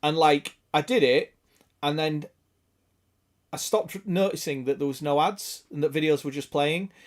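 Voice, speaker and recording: Sweary, chatty British man, fairly high voice. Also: a little slow. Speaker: streamer. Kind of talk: casual gaming stream chat.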